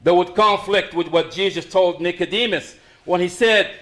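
Preaching man, higher voice. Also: lively intonation, normal speed, few pauses. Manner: preaching with rising emphasis, then dropping to quiet asides. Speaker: pastor. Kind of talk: sermon.

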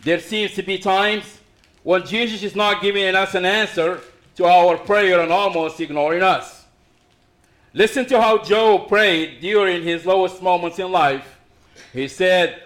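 A middle-aged man preaching a sermon as pastor, swinging between raised emphasis and quiet asides. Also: high voice, unhurried.

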